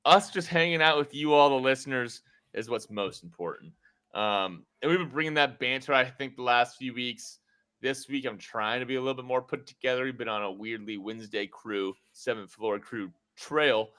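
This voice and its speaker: A man hosts a laid-back sports podcast with a bright, forward tone at an ordinary pitch. He rambles and jokes, padding his talk with ums and you-knows. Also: normal speed. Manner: rambling, joking, lots of fillers. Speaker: podcast host. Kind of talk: casual sports podcast chat. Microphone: podcast mic.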